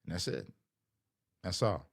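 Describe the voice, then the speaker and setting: A man's voice: low-pitched, sing-song, unhurried, gravelly, husky. A middle-aged man, a vlogger, talking in an earnest, emotional, rambling way to his viewers, often saying "you know". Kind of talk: heartfelt casual talk to viewers.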